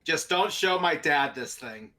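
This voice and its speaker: A talk show host telling a story in a casual, animated way and laughing often. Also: medium pitch, a little slow, a loud crowd.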